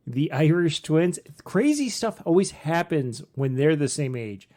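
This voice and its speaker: A man's voice: on the high side, big pitch swings, a little slow, mellow. A middle-aged man hosting a casual podcast, rambling and joking with lots of fillers. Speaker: podcast host.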